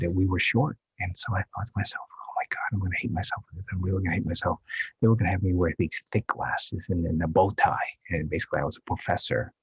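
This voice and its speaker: A man in his fifties, a guest actor telling his story in an interview, halting and reflective with many restarts. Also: deep voice, slightly rough, no echo.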